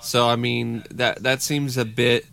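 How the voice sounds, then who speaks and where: A man's voice: medium pitch, flat delivery, unhurried, vocal fry, a bit bright. A man with a mid-range voice co-hosting a podcast. He talks in an easygoing, conversational way, laughs readily and works through his thoughts aloud. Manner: easygoing, laughs often, reasons things through. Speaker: podcast co-host. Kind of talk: casual podcast banter.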